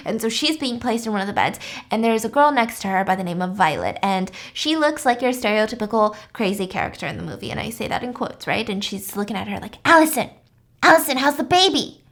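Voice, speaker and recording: A woman's voice: medium pitch, animated, quick pace, few pauses. A young woman hosting, telling a true crime story in a chatty, casual way with lots of fillers. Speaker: host.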